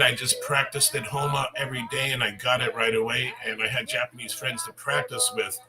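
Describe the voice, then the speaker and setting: A man's voice: mid-range voice, rough recording. A man in his fifties, a language teacher hosting a casual livestream Q&A, talking in a chatty, rambling way with restarts.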